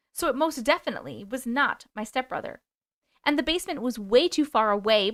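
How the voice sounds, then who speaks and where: A chatty woman hosts a casual livestream, reading viewer stories aloud and answering comments as they come in. Her voice is pitched a little higher than most and fairly bright, and she sings snatches of songs.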